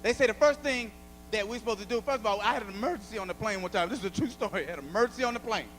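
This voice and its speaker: High-voiced animated stand-up comedian. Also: male voice, very fast, soft background music, low-quality recording. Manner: loud animated storytelling, acts out voices. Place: comedy club stage.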